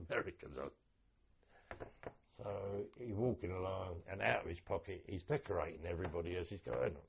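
Gravelly-voiced old London man reminiscing. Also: sits low, moderate pace, long pauses, highs cut off, background noise. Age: older. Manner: lively storytelling, mimics voices in anecdotes. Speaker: veteran interviewee. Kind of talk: oral history recollection.

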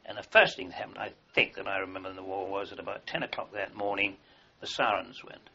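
Older man, bright tense voice, dull recording. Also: low-pitched, steady tone, fast, creaky, a little hiss or hum. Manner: rambling anecdotal storytelling with many fillers and restarts. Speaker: interviewee, army veteran. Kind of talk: oral history recollection.

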